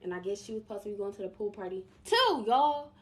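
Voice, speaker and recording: A woman's voice: medium pitch, lively intonation, quick pace. A young woman, chatting casually to her viewers as she tells a story about her life. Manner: chatty and emphatic, addresses viewers directly. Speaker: vlogger.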